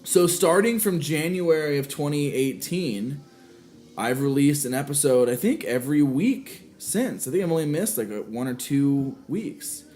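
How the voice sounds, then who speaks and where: A man's voice: on the high side, unhurried, a little mellow. A man hosting his own podcast alone, talking in a rambling, emotional way with swearing and many restarts. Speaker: podcast host. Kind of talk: casual solo podcast monologue. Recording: roomy echo with faint music.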